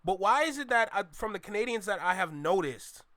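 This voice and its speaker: A young man with a high, bright voice giving casual live-stream reaction commentary. He talks in loose slang and swings from loud, exasperated outbursts to quiet muttering. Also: very animated, fairly quick.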